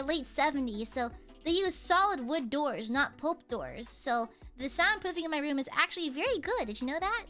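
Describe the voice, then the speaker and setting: A woman streamer chatting casually and playfully with her chat, a slight Southern accent, and a lingering cough. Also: sits high. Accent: slight American Southern. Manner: playful, teasing, bursts into shouting.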